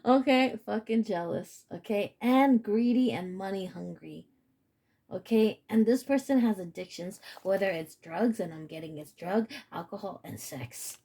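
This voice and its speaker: Woman, casual spiritual reader. Slow, mellow delivery, profane and emphatic, leans on "okay?". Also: mid-range voice, gravelly.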